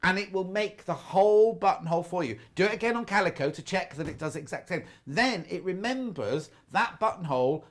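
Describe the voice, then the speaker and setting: A man's voice: sits high, animated, a little fast, few pauses. A man hosting a live TV shopping show, chatting casually and passing on viewer questions. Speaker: shopping channel host. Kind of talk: live TV sales chat.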